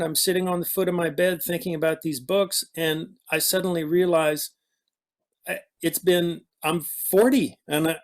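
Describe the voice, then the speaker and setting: A middle-aged man with a slightly raised voice tells stories in a casual chat. He stops and restarts his sentences often and wanders as he talks. He comes across as an actor guest. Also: high voice. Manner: halting, rambling storyteller with many restarts. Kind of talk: casual conversation.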